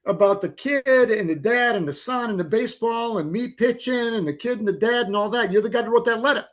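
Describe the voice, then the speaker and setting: A man's voice: very high voice, a little fast, fairly bright tone, pitched above the performer's own voice. Man putting on a rambling New England ballplayer. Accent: New England, put on. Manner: rambling, repetitive. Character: chatty retired male ballplayer, easygoing.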